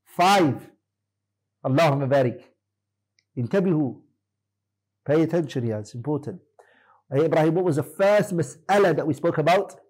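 A man's voice: fairly high pitch, animated, normal speed, pauses often, darkish tone, husky, low-quality recording. A man teaching a classroom lesson on Islamic law, quizzing his students by name and correcting them firmly.

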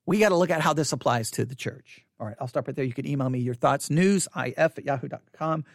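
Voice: mid-range voice, quick pace, dry recording. Subdued podcast host, dry close mic. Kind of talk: news commentary.

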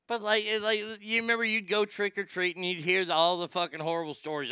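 High bright-voiced profane ranting man. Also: level tone, smooth, no room sound, studio quality. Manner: profane, ranting, fast swings from loud to muttered. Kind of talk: casual comedic rant.

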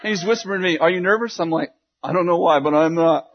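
A man's voice: a little high, quick pace, dull audio, a faint crowd. A man preaching, telling a humorous, self-deprecating story with lots of restarts and quoted dialogue. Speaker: pastor. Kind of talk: sermon storytelling.

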